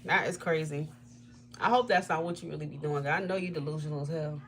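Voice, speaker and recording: There's a little hiss or hum under this woman's brisk livestream chatter as she reads tarot. She's blunt and swears plenty, laughing frequently and jumping suddenly into a high register.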